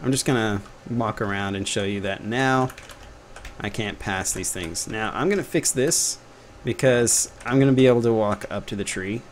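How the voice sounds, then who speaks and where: A man's voice: lowish voice, moderate pace, slight background noise. A young Texan man with a Texan accent, giving a casual live-stream tutorial, chatty and jokey, muttering to himself as he works. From Texas. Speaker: game developer teaching a tutorial.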